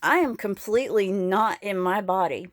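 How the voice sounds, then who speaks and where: Speaking at a moderate pace in a medium-pitched voice, a woman rambles candidly and crudely in a home vlog, laughing frequently. The recording is studio quality with no room sound.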